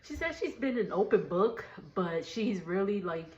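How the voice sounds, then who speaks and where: A woman's voice: medium pitch, moderate pace. Woman spilling tea on a reality show, giggly, kinda muffled lo-fi sound. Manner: gossipy, laughs often, quotes cast members in lively voices. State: drowsy, winding down for bed. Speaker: recap vlogger. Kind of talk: casual TV recap.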